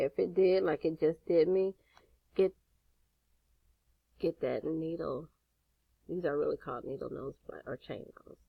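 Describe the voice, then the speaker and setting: A woman's voice: on the low side, gravelly, mellow, dry recording. A woman with a grandson, sassy and chatty, walks viewers step by step through a craft tutorial and swears casually. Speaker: jewelry-making instructor.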